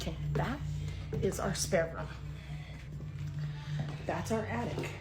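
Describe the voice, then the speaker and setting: A woman's voice: medium pitch, slow pace, loud music behind the voice. A middle-aged woman filming inside her house on a handheld phone, talking in a frightened, breathless way that often drops to a whisper. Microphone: phone held while walking. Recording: phone video with clear background noise.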